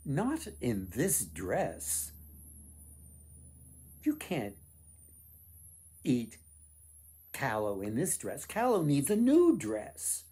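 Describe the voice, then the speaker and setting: A man voicing a clever young girl who answers slowly and calmly, coaxing the goblins. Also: mid-range voice, breathy edge, full character voice.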